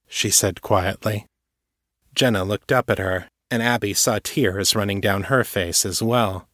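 A man narrating an audiobook story in an even, measured way. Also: fairly low pitch, no echo, studio quality. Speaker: author and narrator.

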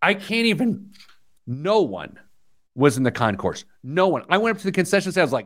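A man's voice: medium pitch, big pitch swings, a little fast, a bit bright. An American man hosting a podcast, telling a self-mocking story in casual chat. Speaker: podcast host; youth soccer coach.

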